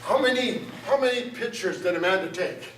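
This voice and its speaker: A pastor with a high, slightly bright voice preaches to his congregation in a church sanctuary at normal speed, keeping it conversational and joking with them. Guitar music and slight background noise accompany the roomy, distant church recording.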